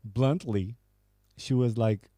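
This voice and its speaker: A man's voice: mid-range voice, takes it slowly, dark tone, dry recording, studio quality. A man hosting a podcast, casually reading out and joking about viewer messages, laughing and swearing often. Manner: laughing, profane, banter. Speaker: podcast host.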